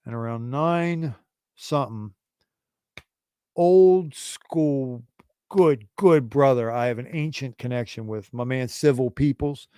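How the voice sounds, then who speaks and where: A man in his forties hosting a livestream, telling a rambling, profane story in a casual, animated way. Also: mid-range voice, slow, clean tone, no room sound, clean studio sound. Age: 40s. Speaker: livestream host.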